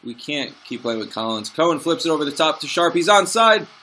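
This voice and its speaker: A young man commentating his own football management game, swinging from excited play-by-play to frustrated asides. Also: fairly high pitch, quick pace, slight background noise.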